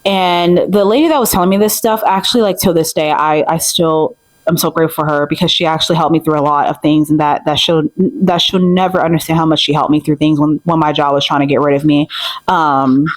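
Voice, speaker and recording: A young woman in her twenties recounts events in a casual, emphatic vlog manner. Her voice sits on the low side and the sound is dry and close. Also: fairly quick, no echo, rough recording. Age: 20s. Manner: animated, emphatic, with many fillers. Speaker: vlogger. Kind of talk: casual storytime.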